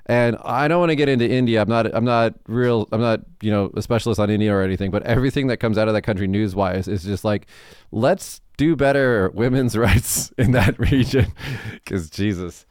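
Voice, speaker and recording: Male co-host, blunt and loose, a low, clean voice with a dry mic. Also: fairly quick, a little mellow, smooth, no echo. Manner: blunt, swears freely, loose and rambling. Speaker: podcast co-host. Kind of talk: casual chat.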